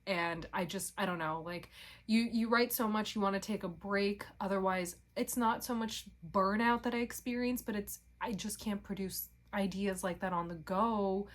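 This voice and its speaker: A young woman vlogging in casual chat, rambling and interrupting herself, with casual swearing. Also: mid-range voice.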